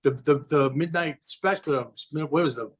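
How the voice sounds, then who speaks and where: A man's voice: a little high, moderate pace. A man co-hosting a podcast, chatting and reminiscing casually. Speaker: podcast co-host. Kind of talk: casual chat.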